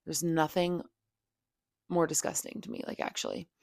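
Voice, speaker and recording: Low, gravelly woman venting candidly. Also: lively intonation, normal speed, dry recording, studio quality. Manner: heavy "like" fillers, profane, venting. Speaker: podcast host. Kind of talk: candid personal storytelling.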